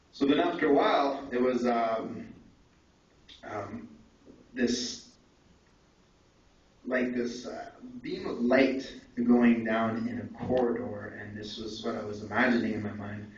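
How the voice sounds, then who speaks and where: A man's voice: medium pitch, highs cut off. Young man, candid storytelling testimony, lots of "eh", distant in a very echoey hall. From Canada. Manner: candid storytelling with frequent "eh" and "right". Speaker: conference speaker. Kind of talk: personal testimony talk. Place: large echoey conference hall.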